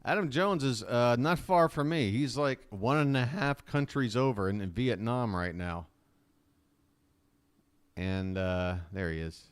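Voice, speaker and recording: A man's voice: medium pitch, measured pace, smooth. A man hosting a fan livestream, giving casual live play-by-play commentary in a chatty, rambling way, talking to his viewers as he watches. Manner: chatty and rambling, many fillers.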